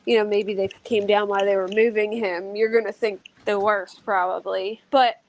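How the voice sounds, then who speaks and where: A woman's voice: medium pitch, little pitch movement, normal speed, a little mellow, poor audio. A woman hosting a casual true-crime panel chat, talking loosely with many fillers. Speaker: host.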